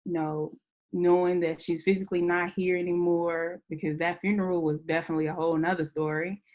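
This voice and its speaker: A woman's voice: fairly low pitch, little pitch movement, brisk, a little mellow, muffled recording. A young woman from Memphis, a podcast guest, telling a painful family story and fighting back tears. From Memphis, USA. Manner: tearful, laughing to hold back tears. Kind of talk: emotional personal story.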